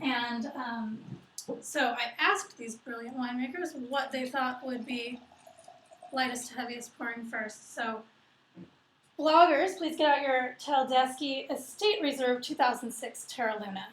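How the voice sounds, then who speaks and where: A woman's voice: sits high, unhurried. A woman hosting a live online wine tasting, guiding the talk and speaking directly to the viewers at home. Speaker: tasting host.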